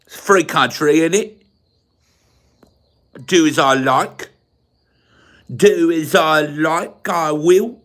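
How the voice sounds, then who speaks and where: A man's voice: a little high, slow, long pauses, fairly bright tone, pitched above the performer's own voice. A man voicing a brash, swearing London bloke with a put-on London accent, boastful and mocking. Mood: cocky.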